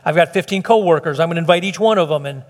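A man's voice: fairly high pitch, very fast. A middle-aged man, preaching a sermon in a conversational way, often acting out quotes and restarting. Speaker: pastor. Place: church sanctuary. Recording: long hall reverb.

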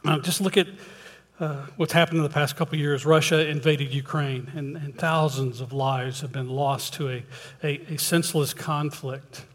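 A man's voice: on the high side, steady tone, normal speed. A man preaching in a church, telling a folksy joke and then leading a prayer with hesitant restarts. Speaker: lay preacher. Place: church sanctuary. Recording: long hall reverb.

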